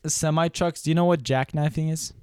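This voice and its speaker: A young man co-hosting a podcast in relaxed, skeptical casual chat, full of fillers. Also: on the high side, brisk, clean tone, dry recording, clean studio sound. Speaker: podcast co-host.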